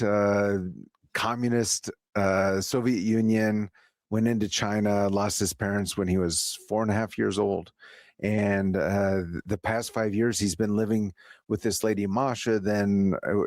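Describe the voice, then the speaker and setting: A man's voice: fairly low pitch, no echo, studio quality. A man hosting a radio talk show, speaking hesitantly with stammers and fillers as he recaps his guest's story. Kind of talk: radio interview.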